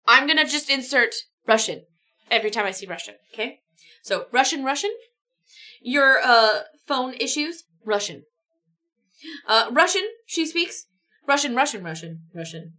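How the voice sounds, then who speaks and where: A woman's voice: high voice, lively intonation, a little slow, long pauses, sharp tone. A woman reading a choose-your-own-adventure book on a livestream, with chatty, giggly asides. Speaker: livestream reader.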